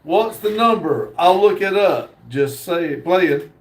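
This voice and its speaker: A man hosting a casual livestream, reading viewer comments aloud in an unhurried, joking way with frequent pauses. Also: high-pitched, animated. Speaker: livestream host. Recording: roomy echo.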